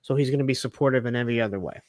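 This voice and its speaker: A man's voice: medium pitch, very fast, darkish tone, no room sound. A man co-hosting a casual TV recap, talking in a reflective, chatty way with frequent "like"s. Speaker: podcast co-host.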